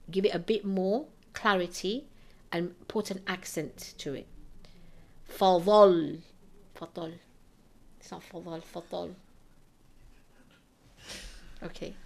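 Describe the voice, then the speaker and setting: Female recitation teacher, measured instructional read, mid-pitched, enunciates slowly. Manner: measured, explanatory, sounds out Arabic words slowly for emphasis. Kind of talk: instructional narration.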